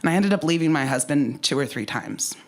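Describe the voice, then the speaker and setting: A woman's voice: deep voice, lively intonation, a little fast. A woman telling a personal story at a live story slam, candid and conversational, with frank asides.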